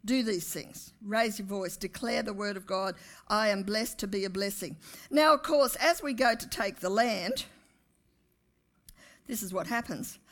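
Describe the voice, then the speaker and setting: A woman pastor, preaching a sermon to her congregation with animated, rising emphasis. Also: medium pitch, a little slow. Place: church.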